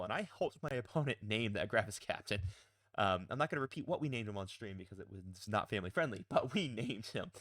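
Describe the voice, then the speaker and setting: A man's voice: medium pitch, fairly bright tone. A man coaching tabletop gamers in a casual, blunt manner, with a mildly profane edge. His voice rises and falls widely as he leans on his points. The recording is dry, with no room echo. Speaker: pro player and coach. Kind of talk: casual advice video.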